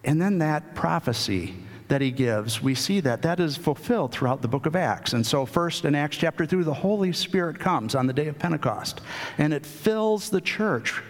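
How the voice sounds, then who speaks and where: A man preaching a sermon in an unhurried way, with frequent fillers and restarts. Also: a little high, expressive. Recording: long hall reverb.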